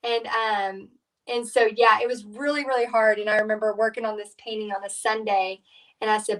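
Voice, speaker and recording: A woman's voice: medium pitch, little pitch movement, normal speed, distant mic, poor audio. A middle-aged woman, chatting through a live painting tutorial in a rambling, storytelling way with lots of fillers. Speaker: painting instructor.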